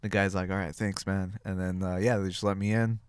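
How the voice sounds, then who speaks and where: A man's voice: deep voice, little pitch movement, fairly quick, clean tone, no echo, studio quality. Rambling young man telling a story. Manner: rambling storyteller, many fillers and restarts. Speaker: podcast co-host. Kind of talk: casual chat.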